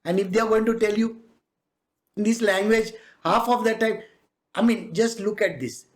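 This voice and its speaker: A spiritual teacher with an Indian English accent delivers a devotional discourse in a conversational, animated manner. The talk is peppered with laughter and quick asides in Hindi. Quoted people get acted out with bits of voice play, so the teaching stays lively and personal. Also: medium pitch.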